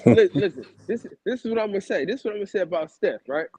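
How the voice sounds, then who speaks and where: A husky, high-pitched man in a heated argument, piling up repeated words and talking over everyone. His voice sits up high and close, with a dry sound and no room around it. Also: lively intonation, very fast, dark tone, dry recording. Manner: talks over others, repeats himself, profane. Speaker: podcast co-host.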